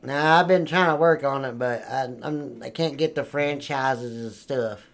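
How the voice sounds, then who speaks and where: An actor improvises a comedy sketch as a crude, boastful trailer park man who rambles and swears nonstop. The voice is male, medium in pitch, a little slow and creaky.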